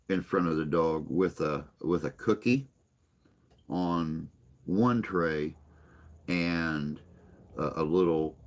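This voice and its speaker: A man hosting a morning live stream, chatting casually and joking with viewers in a rambling way. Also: sits low. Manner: rambling, joking, reads and answers chat.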